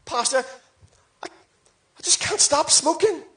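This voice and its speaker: A man putting on a self-pitying churchgoer, pleading and whiny, softer and lower than the preacher's own voice. The excuses come out in a small, sorry-for-himself tone. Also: animated, slow pace, heavily acted. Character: whiny struggling adult churchgoer making excuses.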